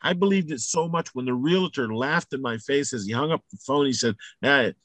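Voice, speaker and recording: A man giving a motivational talk, blunt and emphatic, repeating his points and building to loud peaks. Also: medium pitch, a little fast, dry recording. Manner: salty, blunt language. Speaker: motivational speaker.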